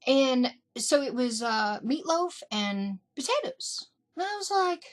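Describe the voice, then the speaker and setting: A middle-aged woman recounts family stories in a relaxed vlog. Her voice sits a little high and swings widely in pitch. She slips into the voices of her relatives as she tells it. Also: takes it slowly, few pauses. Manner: animated, acts out family members in quotes. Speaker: vlogger. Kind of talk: casual storytelling. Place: indoors.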